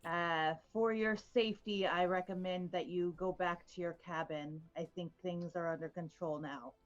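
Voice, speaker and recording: A woman speaking as a player in a tabletop game, calm and measured. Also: fairly low pitch. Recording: dull lo-fi sound with soft music.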